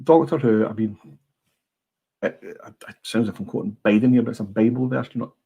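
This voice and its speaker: A man's voice: mid-range voice, fairly even intonation, a little fast, mellow, husky, lo-fi sound. A middle-aged Scottish man hosting a casual livestream, blunt and rambling, swearing freely. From Scotland. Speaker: livestream host. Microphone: small clip-on mic.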